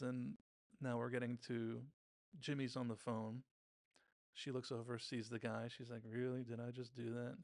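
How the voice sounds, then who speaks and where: Male podcast host, gravelly voice, chatty TV-recap delivery, dry close mic. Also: mid-range voice, a little mellow, no echo. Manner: chatty, retells scenes by briefly mimicking characters' lines. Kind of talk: casual episode recap commentary.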